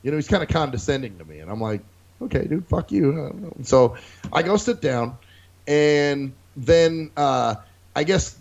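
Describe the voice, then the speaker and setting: A man's voice: medium pitch, animated, normal speed. A man co-hosting a casual podcast, telling a profane story and acting out other people's lines. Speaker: podcast co-host. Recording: dull lo-fi recording.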